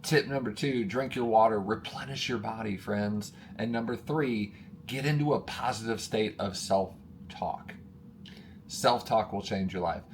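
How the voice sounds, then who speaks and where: A man giving an energetic, emphatic motivational talk to camera as a coach, calling his listeners friends and getting worked up. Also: lowish voice, a little slow, gravelly, a little hiss or hum.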